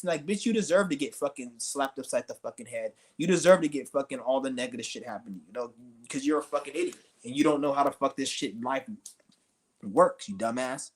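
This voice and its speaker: A man's voice: medium pitch, fast. A man streaming a profane, confrontational ranting monologue, insulting his listeners as he goes.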